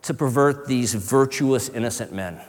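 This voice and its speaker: A man's voice: medium pitch, moderate pace, big-room sound, lightly acted. A man doing a wry commanding king. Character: commanding male king giving orders.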